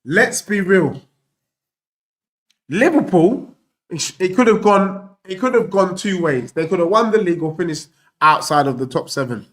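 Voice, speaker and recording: A young man hosting a live football watchalong, bantering excitedly and reading out viewer messages. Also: high voice, brisk. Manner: excitable, animated banter, reads out super chats.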